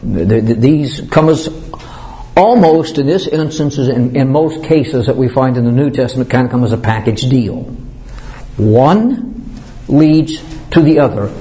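A man preaching as a pastor, teaching verse by verse. He slows down to stress key words and often clears his throat. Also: medium pitch, animated, mellow, low-quality recording.

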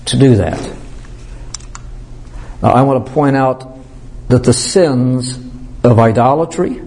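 A man preaching as a pastor, teaching verse by verse. He slows down to stress key words and often clears his throat. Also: medium pitch, a little mellow, low-quality recording.

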